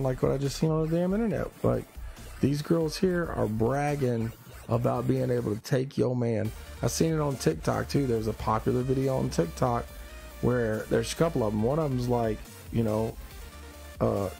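Tired, gravelly-voiced man ranting on a live stream. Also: mid-range voice, dark tone. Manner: blunt, profane, rambling. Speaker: livestreamer. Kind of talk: casual live-stream rant.

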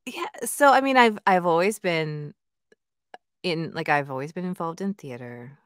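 An animated woman with a fairly low voice, talking a little slowly, chats in a casual interview as an audiobook narrator and author. She's enthusiastic and uses many "like" and "you know" fillers, recorded dry at studio quality.

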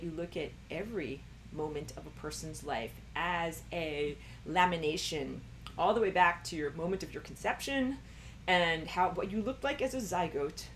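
Animated woman giving a rambling lecture. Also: fairly low pitch, slight background noise. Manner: animated, acts out quoted thoughts in a raised voice; rambling with many fillers and likes. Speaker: spiritual teacher. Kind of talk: recorded online lecture.

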